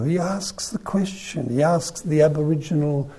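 Male preacher, husky and mellow, chatty sermon delivery. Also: a little high, unhurried. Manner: conversational, animated storytelling. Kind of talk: sermon on the Gospel.

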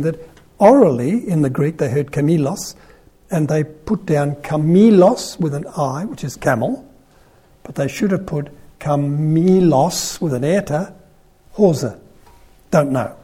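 An older man preaches in a loose, conversational way, joking and voicing the people in the story with lifted emphasis. His voice is husky and mellow, sitting a little high for a man. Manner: chatty and humorous, acts out quoted lines with rising emphasis. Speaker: priest. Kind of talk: informal sermon on the Gospel.

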